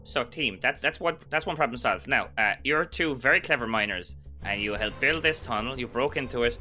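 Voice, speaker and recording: A man playing his character in a tabletop game, talking quickly and briskly. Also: mid-range voice, lively intonation, bright, forceful tone, soft background music. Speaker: player. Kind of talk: in-character play.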